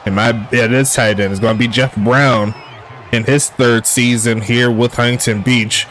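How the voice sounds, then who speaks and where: A man calling a simulated football game play by play in a relaxed streaming style, joking with chat and rising on big plays. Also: mid-range voice, moderate pace, a little hiss or hum. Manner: laid-back, laughs at jokey player names, excitable on big plays. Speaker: play-by-play commentator. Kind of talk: casual sim football commentary.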